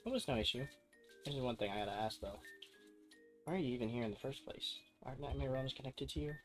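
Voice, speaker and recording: A man reads game dialogue aloud in an easygoing voice of middling pitch, lightly shifting his tone for each character. He sounds relaxed, like a streamer playing along. Soft game music sits faintly behind him. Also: quick pace.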